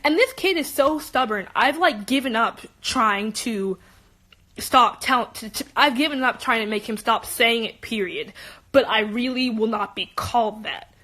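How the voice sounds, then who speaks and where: A teenage girl from Los Angeles, a high school student telling an upset personal story in quick bursts full of restarts. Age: teens. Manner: animated, rapid, many restarts. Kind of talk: emotional personal rant.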